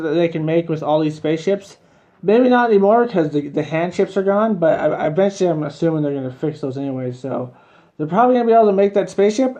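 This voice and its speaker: Rambling high-voiced guy reviewing a cartoon. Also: darkish tone, muffled recording. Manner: rambling, repetitive, chuckles between points. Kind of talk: casual video review.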